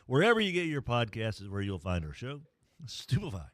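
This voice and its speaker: A man's voice: mid-range voice, huge pitch swings, a little fast, dry recording. A man hosting a sports talk show, folksy and joking as he rambles through scores and a sponsor read. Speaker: sports talk radio host.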